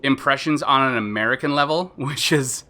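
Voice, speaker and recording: A man gaming on stream, talking in a loose, rambling way and often restarting his sentences. His voice is bright and forward, at a middle pitch for a man. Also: moderate pace. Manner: rambling, chatty, lots of fillers and self-interruptions. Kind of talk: casual live-stream commentary.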